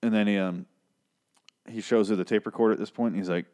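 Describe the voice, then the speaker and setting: A man's voice: fairly low pitch, fairly even intonation, fast talker, darkish tone. A man casually recapping a TV episode, rambling, joking and swearing as he goes. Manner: rambling, profane, restarts a lot, jokey.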